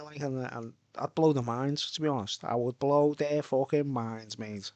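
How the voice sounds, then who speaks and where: In a steady, slightly mellow mid-range voice at normal speed, a middle-aged man chats on a home live stream. He wanders from topic to topic, swears, and laughs often, all on a dry recording.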